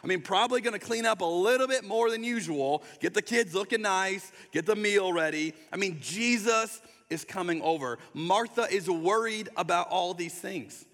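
A pastor delivers a sermon in a relaxed, conversational way, often slipping into quick acted-out voices. His voice is bright and fairly high for a man. It echoes with the long reverb of a large hall. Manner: conversational, acts out quick voices, drops to soft tender tones.

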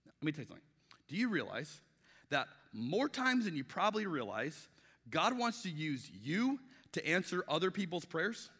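Bright-voiced male pastor preaching in a hall. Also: on the high side, sing-song, normal speed, slightly rough. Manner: conversational, acts out quoted dialogue, frequent restarts. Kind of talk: sermon. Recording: long reverb of a large hall.

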